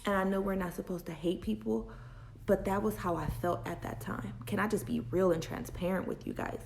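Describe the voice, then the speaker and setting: A woman's voice: mid-range voice, fairly even intonation, fairly quick, gravelly, darkish tone, slight background noise. A woman hosting a women's chat, telling a personal story in a candid, confiding and emotional way, with faith woven in.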